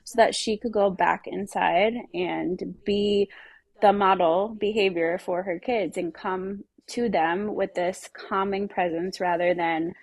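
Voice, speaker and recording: Pregnant woman, podcast co-host, relaxed chatty delivery with gravelly edges, dry close mic. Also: medium pitch, slow, no echo. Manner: relaxed, laughs often, talks about parenting with her kids. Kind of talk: casual chat.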